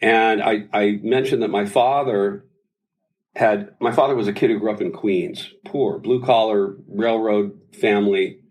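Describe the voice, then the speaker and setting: This low-quality recording captures a sixty-something male singer being interviewed, his voice on the low side and his pace unhurried. He spins anecdotes in casual conversation, animated and doing voices.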